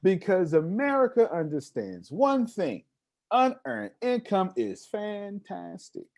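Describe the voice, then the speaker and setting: A man's voice: high-pitched, huge pitch swings, slow, a little mellow. A man giving an emphatic live seminar talk on money, repeating words for stress and asking his audience questions. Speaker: motivational speaker.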